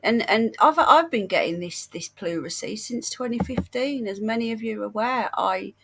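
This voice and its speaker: A woman's voice: fairly high pitch, moderate pace, background noise. A British woman hosting a casual livestream chat, unwell and short of breath, chatty and affectionate with viewers. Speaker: livestream host.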